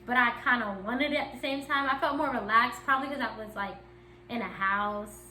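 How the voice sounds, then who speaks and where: A woman's voice: on the high side, fairly quick, bright, forceful tone. Giggly, chatty young woman telling a story. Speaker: vlogger. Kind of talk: casual storytime chat. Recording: echoey room.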